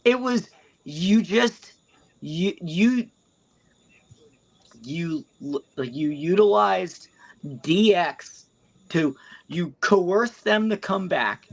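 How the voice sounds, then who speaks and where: Brief: rambling, profane male co-host, slow and higher-pitched. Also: expressive, gravelly. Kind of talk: casual podcast banter.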